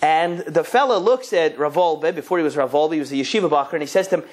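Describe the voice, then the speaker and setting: Animated young rabbi teaching. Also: male voice, fast. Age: young adult. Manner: lively, emphatic storyteller with big pitch swings. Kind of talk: Torah lesson to an audience.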